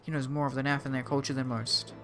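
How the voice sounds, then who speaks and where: An earnest young noble scholar who takes charge, read by an Australian man in a bright, forward voice. He reads in a formal tone, a little raised. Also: medium pitch, flat delivery, fast talker, soft background music, lightly acted. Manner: reading quest dialogue aloud, slightly raised and formal.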